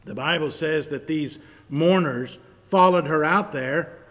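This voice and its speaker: A man preaching a sermon, swinging from hushed, slow lines to loud, rising declarations. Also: fairly high pitch. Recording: long hall reverb.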